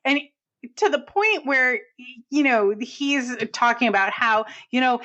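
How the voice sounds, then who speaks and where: A woman co-hosting a film podcast in casual chat, animated and acting out movie lines. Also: high voice, measured pace, muffled recording. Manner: animated, acts out movie lines in character voices. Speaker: podcast co-host.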